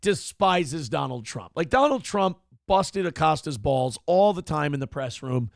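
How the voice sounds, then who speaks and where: A man's voice: a little high, big pitch swings, unhurried, gravelly, no room sound, clean studio sound. A man hosting a morning show, giving profane, sarcastic commentary on news clips.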